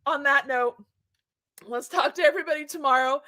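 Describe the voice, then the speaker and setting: High, bright-voiced woman host telling stories. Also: a little fast. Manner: animated storytelling, laughs often. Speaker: show host. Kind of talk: casual chat. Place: home.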